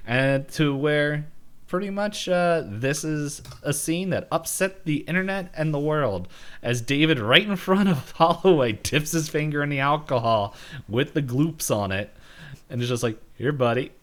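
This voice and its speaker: A man's voice: fairly high pitch, a little slow. A man co-hosting a casual movie reaction podcast, laughing often and acting out lines from the film. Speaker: podcast co-host.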